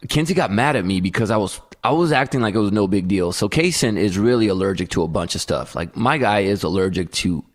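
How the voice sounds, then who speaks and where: A man co-hosting a podcast, telling a story in a casual, animated way and acting out what people said. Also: on the low side, fast talker, hardly any pauses. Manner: animated storyteller who acts out quotes. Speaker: podcast co-host. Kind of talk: casual chat.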